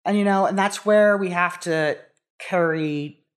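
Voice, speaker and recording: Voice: mid-range voice, measured pace, clean tone. A young adult talking in a casual conversation, hesitant and full of restarts. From United States. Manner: hesitant, many restarts and fillers.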